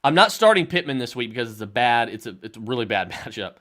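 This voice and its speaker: A man's voice: mid-range voice, sing-song, fast, a bit bright. A young man hosting a live fantasy football stream, rambling through start-or-sit picks for viewers and often repeating himself.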